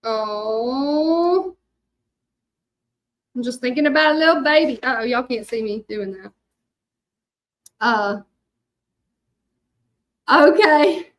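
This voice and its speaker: Middle-aged Southern woman, Louisiana drawl, folksy crafting host with a slightly high voice, loose and rambling. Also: takes it slowly, pauses often. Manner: chatty, rambling, many fillers, talks to viewers. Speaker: hand-lettering artist. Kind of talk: casual craft livestream chat.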